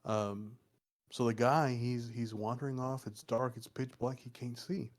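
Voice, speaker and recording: A man co-hosting a podcast tells a folk story at a measured pace, his medium-pitched voice fairly even in intonation. The telling is casual and profane, meandering along with lots of filler words.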